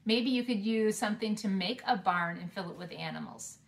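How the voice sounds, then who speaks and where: Speaking slowly and clearly to small children, a woman preschool teacher leads a video lesson in a medium-pitched voice.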